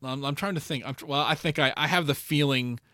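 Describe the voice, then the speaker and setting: Bright-toned man talking haltingly. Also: a little high, no room sound, studio quality. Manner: halting, repeats words and restarts. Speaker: podcast co-host. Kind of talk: casual chat.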